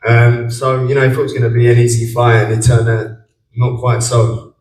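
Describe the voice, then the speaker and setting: A young man, a boxer, giving measured press conference answers with many ums. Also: mid-range voice, little pitch movement, a little mellow. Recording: echoey room from far off with faint ambience.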